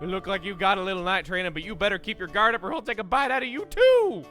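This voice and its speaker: A man voicing a jittery young man who shouts urgent warnings about a demon, over game music. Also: high voice, expressive, fast talker. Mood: alarmed.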